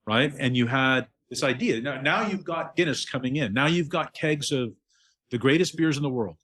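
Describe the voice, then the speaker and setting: A man's voice: mid-range voice, normal speed, a bit bright. A man hosting a podcast, summing up the guest's story with short prompting questions. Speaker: podcast host. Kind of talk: interview chat.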